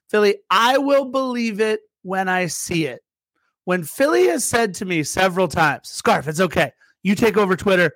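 A man's voice: sits high, fairly bright tone, dry recording. A man co-hosting a casual soccer podcast, teasing his co-host and reading sponsor plugs. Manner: playful ribbing, reads sponsor plugs. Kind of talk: casual chat.

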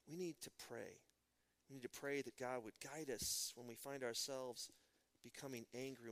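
A middle-aged man from Texas, preaching a sermon as a pastor and telling stories with animated rhetorical questions. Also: medium pitch. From Midland, Texas.

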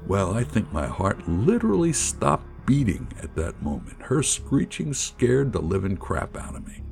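A middle-aged man telling a personal story in an animated, colloquial, jokey way. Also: lowish voice, vocal fry. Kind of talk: personal anecdote narration.

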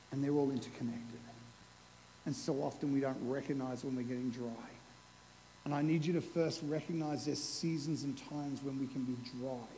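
A man preaching a lively, playful sermon to a congregation, using an object lesson. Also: mid-range voice, big-room sound, a little hiss or hum, poor audio. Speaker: pastor. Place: church hall before a congregation.

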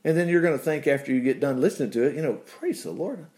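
A man's voice: medium pitch, racing, a little mellow. A man preaching a casual, folksy sermon, often laughing and dropping in "praise the Lord". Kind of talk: conversational sermon.

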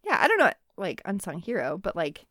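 A woman co-hosting a casual book chat, retelling scenes with quick acted asides. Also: medium pitch, huge pitch swings, fairly bright tone, no echo. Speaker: podcast co-host.

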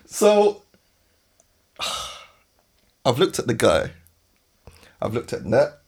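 A man in his thirties with a London accent, hosting a podcast and telling an animated story with frequent laughs. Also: mid-range voice, extremely slow, slightly rough. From West London. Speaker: podcast host. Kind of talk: casual storytelling chat.

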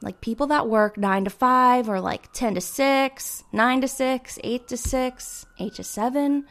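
A woman's voice: on the high side, unhurried. A woman in her twenties hosting a podcast, chatting casually and animatedly to listeners in a solo monologue full of fillers. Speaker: podcast host. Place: indoors with sirens outside.

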